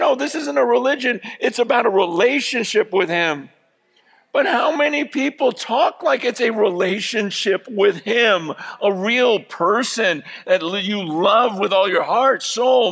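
A pastor preaching a sermon, swinging from loud, urgent shouting down to hushed, intimate murmuring. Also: male voice, sits high, vocal fry, slightly rough, big-room sound.

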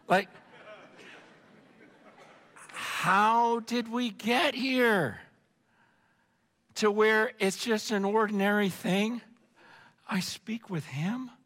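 A man preaching a sermon with passion, swinging between shouting and hushed tones. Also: high-pitched, drawn-out words, long pauses. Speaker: pastor. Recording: long hall reverb.

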